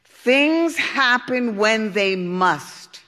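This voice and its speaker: A kind and sensible girl duck, voiced by a woman reader, gentle and reassuring in a storybook tale. She speaks slowly in a bright, high voice carried by a long hall reverb. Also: expressive, exaggerated voice. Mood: earnest.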